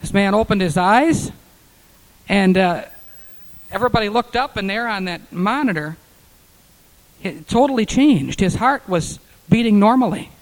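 A man's voice: sits high, measured pace, long pauses, poor audio. A male pastor telling stories in an earnest sermon, rising to fervent peaks. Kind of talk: sermon storytelling.

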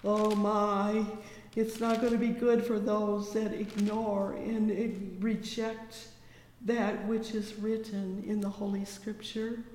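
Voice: medium pitch, flat delivery, takes it slowly, darkish tone, a little hiss or hum. A preacher delivering a fervent, exclamatory sermon, breaking in again and again with cries of praise. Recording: echoey hall with long reverb.

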